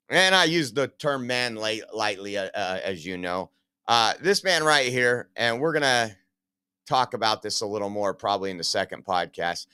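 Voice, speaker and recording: A man's voice: mid-range voice, bright, forceful tone, clean tone. A man hosting a podcast, giving emphatic, sarcastic, rambling commentary. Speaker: podcast host. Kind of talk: opinionated commentary.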